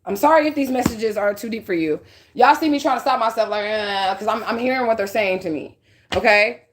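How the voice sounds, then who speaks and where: A woman's voice: on the high side, a little fast, a little hiss or hum. A woman giving a casual spiritual reading, talking bluntly with lots of swearing and a repeated "okay?" to her listeners. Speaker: psychic reader.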